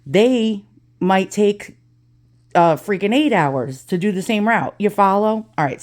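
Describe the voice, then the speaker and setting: A woman's voice: mid-range voice, a little mellow. Blunt, profane woman vlogger ranting. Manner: blunt, profane, chatty storyteller. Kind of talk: casual ranting vlog chat.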